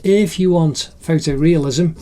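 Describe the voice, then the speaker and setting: A man's voice: on the high side, measured pace, mellow, a little hiss or hum. A middle-aged man narrating a drawing tutorial in a chatty, encouraging way, like an art teacher.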